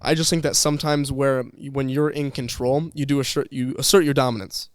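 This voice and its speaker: A man's voice: mid-range voice, steady tone, a little fast, no echo, studio quality. A young man chatting casually on a podcast, telling rambling stories with restarts and laughs. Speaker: podcast guest, former employee. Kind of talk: casual chat.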